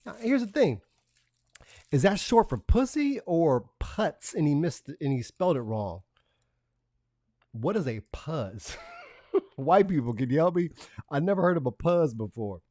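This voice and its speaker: Profane, animated male livestream host. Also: on the high side, a little slow, no room sound, studio quality. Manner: profane, mocking, reads messages aloud. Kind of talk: casual live commentary.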